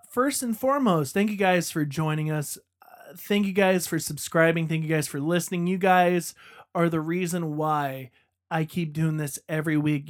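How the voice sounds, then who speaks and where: A man hosting a podcast in a chatty, rambling, enthusiastic way. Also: on the high side. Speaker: podcast host. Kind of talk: casual podcast monologue.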